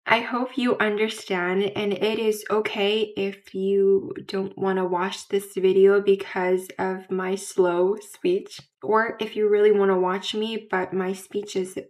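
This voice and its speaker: A woman vlogger speaks candidly to her camera in a mid-pitched voice. Her talk is halting, with repeated words and restarts as she hunts for the right phrase. She fills every gap with "like". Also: level tone, darkish tone. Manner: fills pauses with frequent "like"; searches for words mid-sentence. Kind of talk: candid casual vlog to camera.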